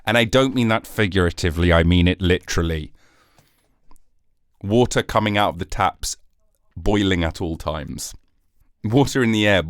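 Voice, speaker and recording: Low-voiced British man ranting jokily. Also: no room sound, clean studio sound. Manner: rambling, jokey, sarcastic. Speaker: podcast host. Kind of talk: solo comedic podcast monologue.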